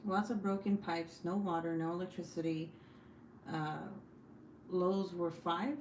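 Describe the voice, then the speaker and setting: A young woman with a low, slightly mellow voice and steady tone hosts a casual craft livestream at a measured pace. She reads out comments, rambles, and swears casually between laughs, recorded in an echoey room with faint hiss.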